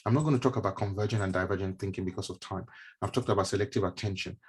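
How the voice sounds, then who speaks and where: A man's voice: low voice, rapid-fire, husky. A man, a neurologist, giving a conversational mentorship talk with slides, repeating key phrases and dropping casual asides. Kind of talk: motivational teaching talk with slides. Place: online stream presentation.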